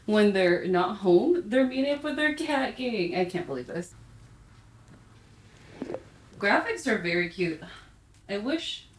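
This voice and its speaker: A young woman in her twenties giving casual, excitable commentary while playing a VR game, bursting into squeals and laughter when startled. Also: a little high. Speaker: VR gaming YouTuber.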